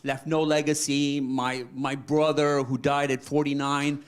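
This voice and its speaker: An older man in a church question-and-answer session, telling a story in a halting, rambling way and quoting his son aloud. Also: mid-range voice, level tone, clean tone. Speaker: congregant asking a question. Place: church meeting room.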